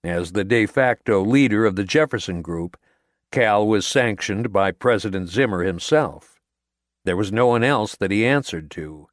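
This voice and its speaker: A man narrating an audiobook in a measured, steady storytelling manner, recorded in a voice-over booth. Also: on the low side, no room sound, clean studio sound. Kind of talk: scripted narration.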